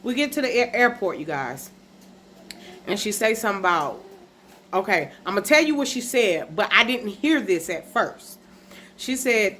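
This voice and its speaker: A woman's voice: medium pitch, lively intonation, normal speed, a bit bright, slight background noise. A woman hosting her own podcast, telling a personal story in a casual, upset way and often speaking straight to her viewers. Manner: dialect grammar, casual slang. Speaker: podcast host.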